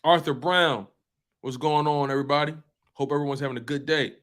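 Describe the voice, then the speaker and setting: Man, sports talk host, passionate, emphatic, repeats himself, slightly higher voice. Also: steady tone, a little fast, fairly bright tone. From US East Coast. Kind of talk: fan sports talk show monologue.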